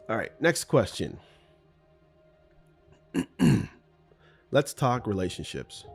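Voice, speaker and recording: A deep, darkish-toned voice belongs to a middle-aged Canadian who hosts a podcast by himself. Without a script, he rambles through personal stories, often correcting himself, with frequent ums and bursts of laughter.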